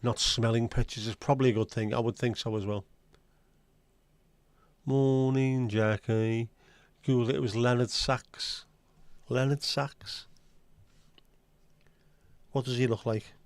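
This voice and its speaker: A man's voice: mid-range voice, level tone, moderate pace, long pauses, dry recording. Chatty man hosting a livestream. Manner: rambling, chatty, answers chat comments aloud. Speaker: livestream host reading viewer chat. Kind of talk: casual chat.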